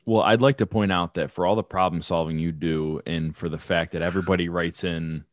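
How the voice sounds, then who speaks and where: A man's voice: low voice, fairly even intonation, brisk. A man co-hosting a casual podcast, trading dry, teasing banter. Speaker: podcast co-host.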